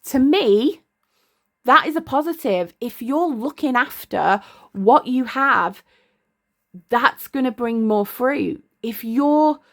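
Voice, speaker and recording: A woman's voice: on the high side, expressive, slow. A middle-aged woman talking to camera at her desk in a casual, rambling way, often stopping to search for words. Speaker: tarot vlogger. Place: indoors at a desk.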